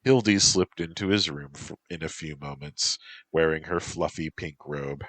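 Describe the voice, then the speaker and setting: A man narrating a story in a slow, even reading voice. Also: rumbling low, dry recording.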